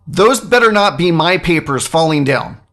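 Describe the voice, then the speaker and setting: Picture a self-absorbed client pressing his point with an insistent, swinging delivery, as a man quotes him. The pitch rises and falls a great deal while he demands an answer. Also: lively intonation, moderate pace, fairly bright tone. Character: demanding male investment client on phone.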